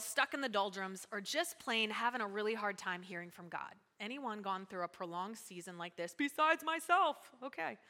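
A woman pastor giving a lively, conversational sermon, calling out to her congregation. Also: medium pitch. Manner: lively, conversational preaching with audience call-outs. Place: church sanctuary. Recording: long hall reverb.

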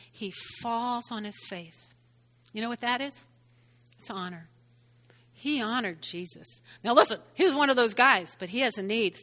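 A woman's voice: medium pitch, pushed and bright, in a large hall. A woman preaching a conversational sermon, checking in with the congregation often.

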